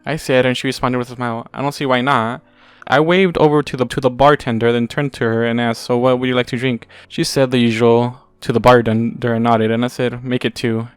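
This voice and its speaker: A man's voice: mid-range voice, clean tone, dry recording. A man casually reading a first-person story aloud, offhand and unpolished, leaving his slips and restarts in. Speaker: fanfiction reader.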